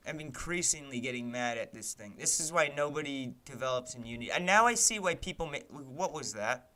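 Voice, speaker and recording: A man's voice: mid-range voice, animated, a little fast. A young man streaming his game development, chatting casually and ranting with plenty of swearing and "like" as he fights his tools. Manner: exasperated, swears a lot, rants at his software; fillers "like" and "man" throughout. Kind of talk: casual livestream commentary while working.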